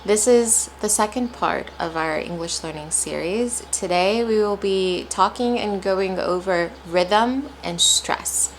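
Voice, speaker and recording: Slow-speaking woman teaching pronunciation. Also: medium pitch, slight background noise. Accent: American. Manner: drawn-out example words, exaggerated stress. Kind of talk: slow, deliberate pronunciation lesson.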